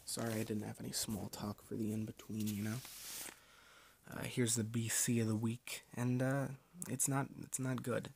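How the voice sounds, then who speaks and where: A man hosting a casual comic-strip review show, speaking in a dry, offhand way with frequent pauses. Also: lowish voice, little pitch movement, gravelly, a little mellow, a little hiss or hum.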